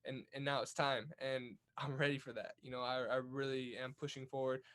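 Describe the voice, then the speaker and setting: A man's voice: medium pitch, level tone, normal speed, a bit bright. A young man from California's Central Valley, a boxer talking earnestly as a guest in a casual interview, often repeating words as he goes. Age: young adult.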